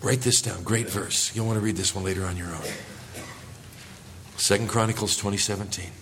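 A man's voice: on the low side, steady tone, brisk, background noise. A man preaching a sermon to his congregation, lifting his voice for emphasis and calling for responses. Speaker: pastor.

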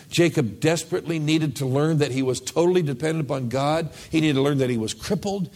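A man's voice: mid-range voice, darkish tone, slight background noise. A man preaching a sermon to his church in a conversational style, sometimes acting out the voices of people praying. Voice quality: gravelly. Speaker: pastor.

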